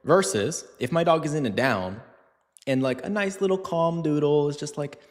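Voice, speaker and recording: A man's voice: on the high side, normal speed. Casual male dog trainer, echoey hall. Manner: casual, chatty, lots of fillers, acts out scenes in funny voices. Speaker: dog trainer answering viewer questions. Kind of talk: live Q&A stream, casual talk.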